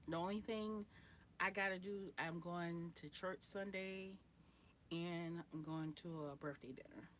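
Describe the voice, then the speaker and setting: A woman with a fairly low voice talks loosely to her livestream viewers, rambling and slangy. She drifts between topics and calls out to people in the chat. A faint hum of noise sits behind her. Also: fairly even intonation, a little slow. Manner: rambling, chatty, greets viewers by name, slangy. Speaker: livestream host.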